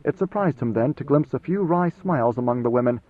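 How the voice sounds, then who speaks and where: A man reading a novel as audiobook narrator, in measured, even storytelling. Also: medium pitch. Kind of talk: scripted narration. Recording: tinny phone-like band, dry.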